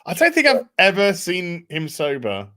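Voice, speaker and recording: A British man hosting a casual live chat over a video call, excitable and sweary. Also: high voice, moderate pace. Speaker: host.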